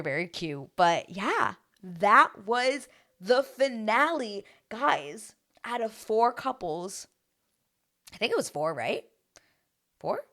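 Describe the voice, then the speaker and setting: A woman's voice: on the low side, a bit bright. A young woman chatting casually as a recap vlogger, gushing and exclamatory.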